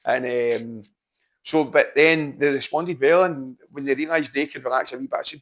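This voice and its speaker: A Scottish man, a mindset coach, telling stories in casual podcast chat, animated and swearing freely. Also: medium pitch, moderate pace. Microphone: podcast microphone.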